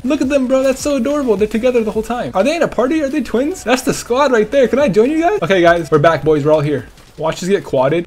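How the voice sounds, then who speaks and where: Excitable high-voiced young gamer guy. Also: slight background noise. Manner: excitable, laughs and gasps often, repeats phrases. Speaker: gaming YouTuber. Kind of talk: excited gameplay commentary. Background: background music.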